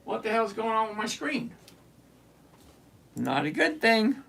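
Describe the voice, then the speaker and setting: High-voiced man hosting a live trading stream. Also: sing-song, vocal fry, fairly bright tone, a little hiss or hum. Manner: chatty, teasing, greets viewers by name, slows down to explain. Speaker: livestream trading show host. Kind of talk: live-stream chat answering viewer comments.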